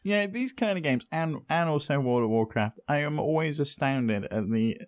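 A man co-hosting a gaming podcast in relaxed casual chat, trailing off mid-thought and laughing along. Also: fairly high pitch, moderate pace. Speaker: podcast co-host.

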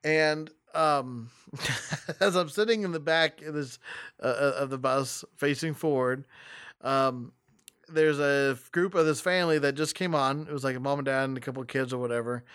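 A man's voice: medium pitch, normal speed, a bit bright, smooth. A young adult man answering personal questions in a casual, rambling way, often restarting sentences and laughing as he talks. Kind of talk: casual storytelling.

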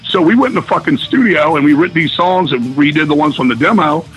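A middle-aged man, a guest musician, telling stories in a casual interview, swearing often and talking excitedly. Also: on the high side, fast, husky, highs cut off, faint music behind. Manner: profane, excited storyteller.

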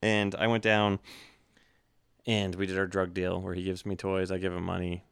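A man's voice: sits low, completely flat delivery, normal speed, vocal fry, clear, resonant tone, no echo, studio quality. A man hosting a podcast in casual chat, telling rambling stories with many fillers and laughs. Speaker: podcast host.

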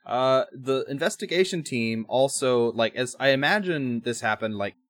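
A man's voice: medium pitch, animated, normal speed, dry recording. A man co-hosting a podcast, recapping an episode in casual chat, rambling with restarts and wry asides. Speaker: podcast co-host.

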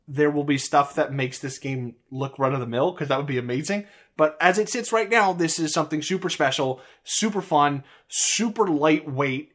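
A man co-hosting a casual video game podcast, talking in a playful, joking way with drawn-out pauses. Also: fairly high pitch, a bit bright. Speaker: podcast co-host.

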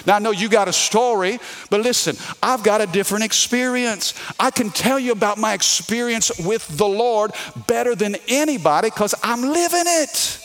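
A man's voice: high voice, normal speed, hardly any pauses, a bit bright. A middle-aged man from Louisiana with a Louisiana Southern accent, preaching a sermon emphatically and calling out to the congregation to answer him. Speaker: pastor.

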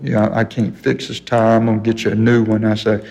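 A man's voice: on the low side, level tone, brisk, gravelly, darkish tone, big-room sound, low-quality recording. An older man telling a story on a radio talk show, folksy and chuckling often.

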